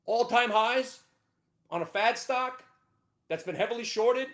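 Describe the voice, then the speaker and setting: A man hosting a live market show, ranting brashly about his trades with sudden shouted outbursts. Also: extremely high pitch, a little slow. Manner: excitable, loud bursts of shouting, brash. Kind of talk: live trading rant.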